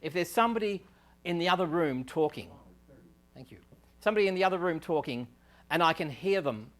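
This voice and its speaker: A man's voice: on the high side, expressive, brisk, a bit bright. A man giving a university lecture on speech science, explaining step by step, with fillers and restarts. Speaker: research scientist giving a technical talk. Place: lecture room.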